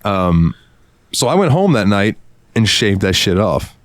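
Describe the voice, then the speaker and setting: A young man from Florida, co-hosting a podcast, telling an animated story and swearing freely. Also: lowish voice, unhurried, dry recording. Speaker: podcast co-host. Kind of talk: casual storytelling.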